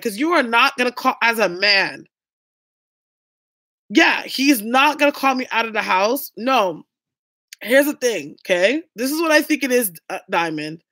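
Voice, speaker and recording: A woman's voice: on the high side, a bit bright, no echo, studio quality. A young woman vlogging, telling a story to her viewers in a blunt, chatty way and swearing freely.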